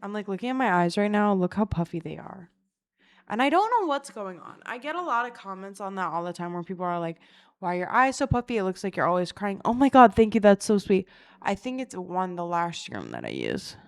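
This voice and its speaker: A young woman vlogging casually to her phone camera at home, telling stories in a profane, animated way. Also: mid-range voice, brisk, clear, resonant tone. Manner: profane, animated storytelling with acted-out quotes. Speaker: content creator. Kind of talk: casual vlog chat.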